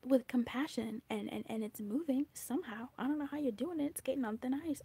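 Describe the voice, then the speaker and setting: A woman giving a casual, animated spoken card reading. She talks in a chatty way with swearing, drops into whispers, and acts out little asides. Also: high-pitched, fairly quick, breathy edge. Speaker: tarot reader.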